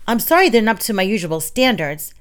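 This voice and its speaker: A woman's voice: medium pitch, big pitch swings, a little fast, a bit bright. A woman voicing a frightened, flustered male baker who stammers and breathes hard. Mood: fretful.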